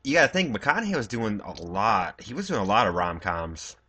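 A man's voice: fairly low pitch, big pitch swings, fairly quick, pushed and bright, husky. A man chatting casually about movies with a friend, matter-of-fact and laid-back. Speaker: podcast co-host. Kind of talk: casual chat.

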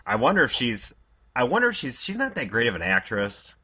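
A man's voice: mid-range voice, huge pitch swings, fairly quick, sharp tone. A man chatting casually about movies with a friend, matter-of-fact and laid-back. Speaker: podcast co-host. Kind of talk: casual chat.

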